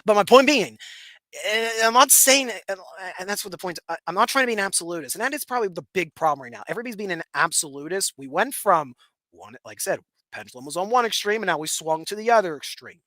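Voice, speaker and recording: High, bright-voiced man from Western Pennsylvania. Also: lively intonation, quick pace, no room sound. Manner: rambling, repeats words, chuckles while talking. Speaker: podcast host. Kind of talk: solo commentary monologue.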